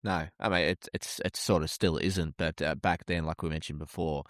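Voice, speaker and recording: A man's voice: extremely low pitch, steady tone, moderate pace, a bit bright, no room sound, clean studio sound. A man co-hosting a casual true-crime podcast, reacting with jokes and casual swearing. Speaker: podcast co-host.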